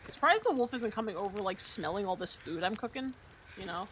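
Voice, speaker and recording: A woman's voice: medium pitch, expressive, brisk, a bit bright, a little hiss or hum. A woman streaming a survival game, talking casually, joking and swearing freely. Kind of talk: casual gameplay commentary.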